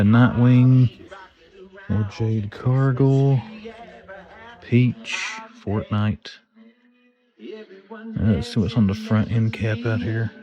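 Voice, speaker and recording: Chatty man with a mellow, low-key voice. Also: muffled recording. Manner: casual, chatty, talks to viewers as "guys". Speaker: toy collector vlogger. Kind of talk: casual running commentary while browsing stores. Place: inside retail stores.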